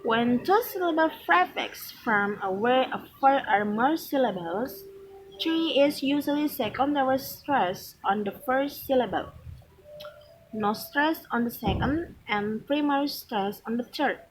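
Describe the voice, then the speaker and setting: A woman's voice: high-pitched, animated, unhurried, a little hiss or hum, low-quality recording. A woman reading a pronunciation lesson aloud from a textbook, carefully and with small slips and restarts.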